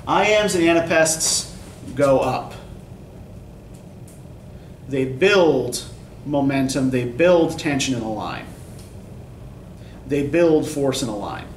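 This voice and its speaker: A man's voice: medium pitch, expressive, slow, long pauses, recorded from a distance, slight background noise. Lecturing man in an echoey classroom. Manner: explanatory, keeps asking "right?". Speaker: English instructor. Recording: echoey classroom recorded from afar.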